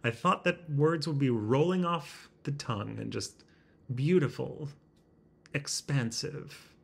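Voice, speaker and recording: A man talking to his laptop camera in a house, halting and self-deprecating, searching for his words, with a slightly constricted sound in his throat. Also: fairly high pitch, creaky, husky. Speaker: vlogger. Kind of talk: rambling self-conscious vlog. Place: indoors in a house. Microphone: laptop webcam.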